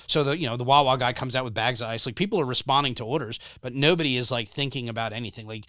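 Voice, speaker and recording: A man who is a guest on a podcast, telling a story casually in a rambling, animated way with many restarts. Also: mid-range voice, rapid-fire, dry recording, studio quality.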